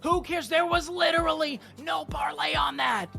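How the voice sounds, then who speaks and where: A man's voice: extremely high pitch, normal speed, gravelly, pushed and bright, soft background music, full character voice. A man playing a smug, sleazy rich sports caster who brags and rattles off sponsor patter in a comedic role-play. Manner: brash, boastful, salesman patter.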